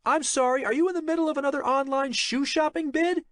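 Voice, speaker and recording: A man's voice: a little high, sing-song, normal speed, husky, no room sound, clean studio sound, pitched above the performer's own voice. A man voicing a harried young office worker. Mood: exasperated. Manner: urgent, raising his voice across the office.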